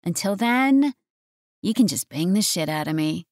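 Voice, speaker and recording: Woman voicing a cheeky quick-tempered young woman, high and loud and sharp, dry close audiobook sound. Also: expressive, no room sound, natural voice.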